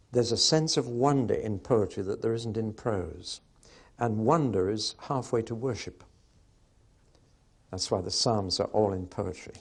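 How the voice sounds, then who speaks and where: A man's voice: on the low side, slightly rough. A man giving a Bible teaching talk, explaining verse and reciting lines rhythmically to show the beat, with questions to his listeners. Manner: explanatory, asks the audience questions.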